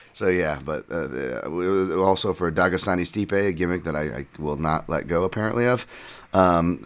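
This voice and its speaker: A man hosting a podcast, casually recapping fights in a rambling, self-deprecating way with lots of fillers. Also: a bass voice. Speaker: podcast host and fight analyst.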